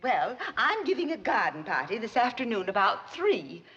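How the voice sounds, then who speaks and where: A woman's voice: on the high side, big pitch swings, moderate pace, sharp tone, dull audio. An actress playing a prim, fretful rich society lady with genteel, formal and fussy diction. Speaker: wealthy society neighbor.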